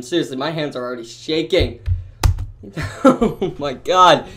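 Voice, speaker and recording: Excitable young male gamer, bright tone, wide swings between mumbling and panicked shouting. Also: on the high side, moderate pace. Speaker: gaming YouTuber. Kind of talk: horror game commentary.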